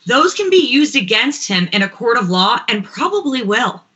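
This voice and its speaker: Assertive woman panelist, bright voice. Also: on the high side, big pitch swings, moderate pace, dull audio. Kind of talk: casual panel chat.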